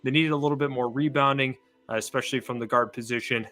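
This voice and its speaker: A man's voice: medium pitch, fairly even intonation, fast talker, sharp tone. A man co-hosting a live basketball stream, analyzing a breaking trade and thinking aloud. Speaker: co-host. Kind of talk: live sports talk.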